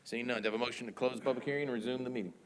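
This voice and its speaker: A man presides over a town board meeting, reeling off motions, seconds and votes at a quick clip. His voice sits at an ordinary middle pitch, and he rushes through the procedure like an auctioneer. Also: steady tone, in a large hall, noisy background.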